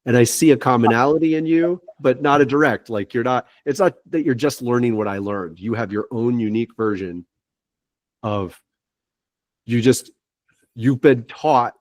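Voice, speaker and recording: A man giving spiritual guidance over a video call, reassuring and halting, with frequent restarts. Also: mid-range voice, dry recording, clean studio sound. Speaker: spiritual guide giving readings.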